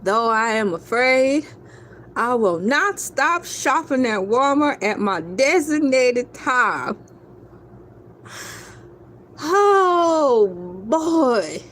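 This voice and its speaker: A woman's voice: a little high, animated, slow, fairly bright tone, a little hiss or hum. A woman vlogger telling a comic story in a casual, theatrical way, talking straight to her viewers. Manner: theatrical, playful, addresses viewers as y'all.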